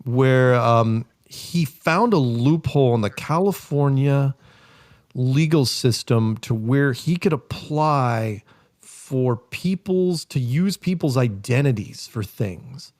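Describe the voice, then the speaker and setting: A man, a podcast guest, telling casual, rambling stories with lots of fillers and self-corrections, delivered with wry, deadpan humor. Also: mid-range voice, takes it slowly, no echo, clean studio sound. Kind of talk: casual storytelling.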